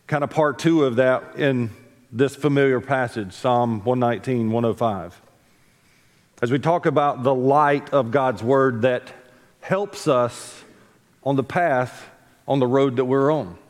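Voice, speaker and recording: Low-voiced pastor preaching in reverberant church. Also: male voice, measured pace. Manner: folksy storytelling with asides and self-corrections. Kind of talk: sermon. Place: church sanctuary.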